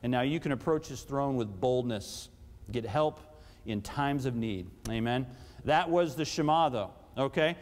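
A man's voice: medium pitch, unhurried, a little mellow. A man, a pastor, preaching a sermon and putting questions to his congregation, his voice rising for emphasis. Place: church sanctuary. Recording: long church hall reverb.

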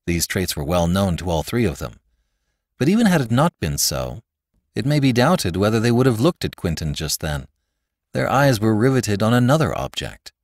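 Male audiobook narrator, low voice, very animated delivery. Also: moderate pace, no echo, clean studio sound. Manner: expressive, dramatic reading.

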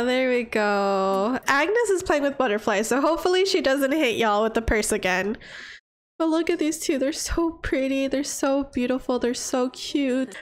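Young woman, high-pitched, gushing and excitable game commentator. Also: clear, resonant tone. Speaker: gaming channel host. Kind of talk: life-sim gameplay commentary.

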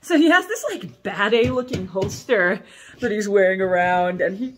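Walking through her corset designs in a casual vlog, a woman in her thirties talks at normal speed with a medium pitch. Her tone is chatty and animated, full of self-mocking asides and laughter, and the tin-roofed workshop recording has a little hiss or hum.

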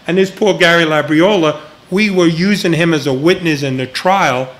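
A man's voice: a little high, moderate pace. An older man, a retired agent, telling stories in a casual interview and acting out the voices of the people he quotes, laughing now and then. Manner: animated storyteller, acts out quoted voices, laughs often.

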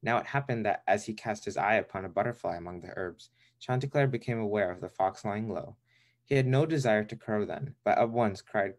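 A man reading a storybook aloud to children at a steady, measured pace, with small slips. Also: lowish voice. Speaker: volunteer reader.

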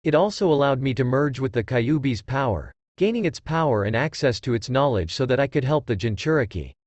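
A man's voice: medium pitch, lively intonation, fairly quick, a little mellow, dry recording, lightly acted. A man voicing a cheeky, kind spirit of a father who explains things at length.

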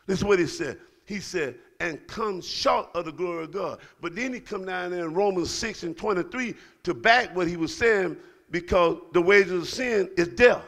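A middle-aged man preaching a sermon to his congregation, building into shouted calls to the church. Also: sits high. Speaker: pastor. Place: church sanctuary.

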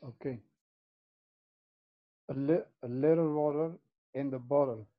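A man's voice: mid-range voice, steady tone, measured pace, phone-quality sound. A man in an online English class, hesitantly repeating practice sentences. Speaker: student.

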